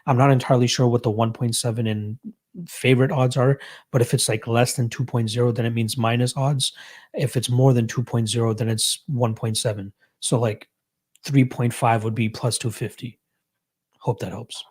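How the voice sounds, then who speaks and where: A man's voice: medium pitch, level tone, normal speed, a little mellow, husky. A young Canadian man hosting a casual live stream, reading chat and answering betting questions in a laid-back, chuckling way.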